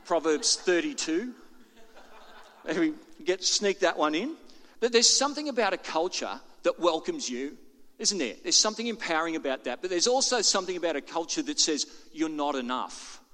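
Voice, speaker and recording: A man's voice: a little high, very animated, moderate pace, fairly bright tone, long reverb tail. An older man preaching a sermon to his congregation in a chatty, self-deprecating way. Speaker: pastor. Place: church auditorium.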